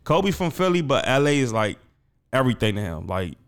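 A man's voice: medium pitch, sing-song, a little fast. A grieving man in casual conversation, rambling emotionally and repeating himself, often trailing off and starting over. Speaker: guest.

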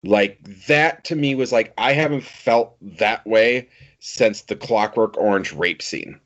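A man co-hosting a casual podcast chat, talking in a lively, laughing way with some casual swearing. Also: lowish voice, unhurried. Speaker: podcast co-host. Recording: dull lo-fi podcast audio.

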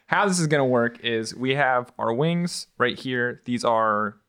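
A young man co-hosting a casual video, rambling and recapping games quickly. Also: mid-range voice, smooth. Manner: fast, rambling, yelling through spicy pain. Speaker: co-host of esports challenge video.

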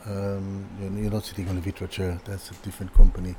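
An older man, an interview guest who works as a furniture designer, tells a casual story, halting often with restarts and repeated words. His voice sits low and his delivery is flat, with background noise in the recording.

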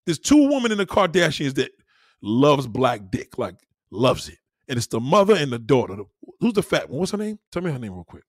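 A man's voice: mid-range voice, brisk, dry recording, studio quality. A man hosts a podcast and rants in a crude comedic style, swearing freely and laughing at his own lines. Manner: animated, profane, laughing asides. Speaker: podcast host.

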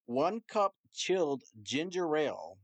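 A man's voice: fairly high pitch, sing-song, unhurried, a little hiss or hum. A man hosting a comedic podcast, teasing the others and reading out recipes in casual chat. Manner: teasing, quizzing, reads out recipes. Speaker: podcast host. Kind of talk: casual comedic chat over a remote call.

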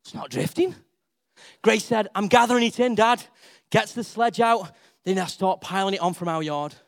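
A man's voice: high voice, moderate pace, vocal fry. A middle-aged man preaching a sermon as a pastor, telling a story and acting out voices.

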